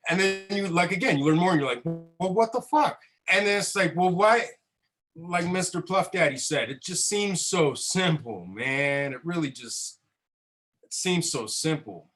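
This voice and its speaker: A man, a veterans council member talking casually at a roundtable, energetic, swearing and laughing often. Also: on the high side, poor audio.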